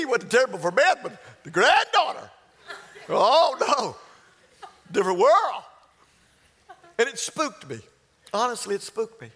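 A man in his sixties preaching, telling stories and slowing down on key phrases. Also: high voice, big pitch swings, sharp tone. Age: 60s. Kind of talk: sermon storytelling.

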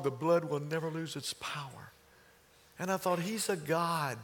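Sixties male preacher, gravelly, a touch high, storytelling sermon delivery. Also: a bit bright. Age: 60s.

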